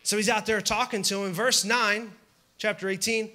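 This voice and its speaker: A man's voice: high-pitched, fairly even intonation, moderate pace, sharp tone. A man preaching a sermon as pastor, conversational and humorous, acting out the scenes he tells.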